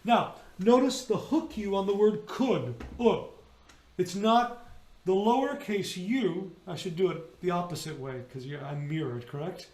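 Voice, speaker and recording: A man's voice: high-pitched, measured pace, darkish tone, reverberant. A man leading a choir rehearsal, explaining singing diction and demonstrating each vowel and consonant sound aloud. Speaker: choir director. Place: indoors, remote rehearsal video.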